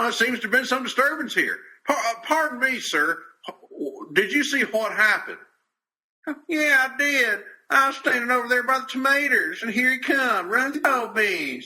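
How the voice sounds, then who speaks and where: A man's voice: high voice, bright, forceful tone, heavily acted, poor audio. A man doing an impression of an older wrestling announcer with a drawl, rambling and half singing comic parody lyrics over music. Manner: drawling, rambling, with throat-clearing and hesitant "uh"s. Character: older male wrestling announcer, folksy and grumbling. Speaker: podcast host.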